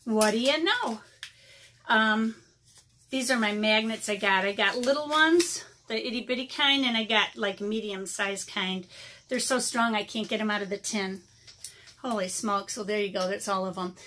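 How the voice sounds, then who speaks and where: A woman's voice: mid-range voice, normal speed, sharp tone, slight background noise. A middle-aged woman chatting casually through an art supply unboxing, rambling with lots of ums and a little out of breath. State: slightly out of breath. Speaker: watercolor artist vlogger.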